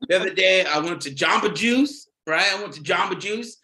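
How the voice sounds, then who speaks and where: A man's voice: high voice, brisk, sharp tone, low-quality recording. A man doing a stand-up set over a video call, rambling, swearing often and laughing at his own jokes. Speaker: stand-up comedian.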